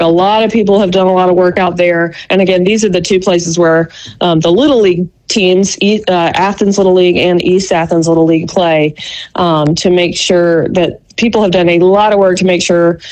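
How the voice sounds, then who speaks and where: A woman's voice: lowish voice, darkish tone, poor audio. Chatty woman reporter. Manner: chatty, rambling, with many fillers. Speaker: youth sports correspondent. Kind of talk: radio call-in report.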